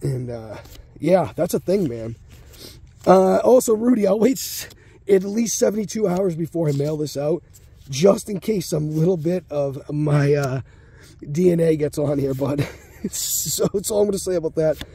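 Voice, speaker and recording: With a somewhat high, husky, mellow voice, lively intonation and a moderate pace, a man hosts a card-opening channel; there's no echo. He's sick and breathing heavily in his basement at home, rambling crudely through the packs and muttering quietly.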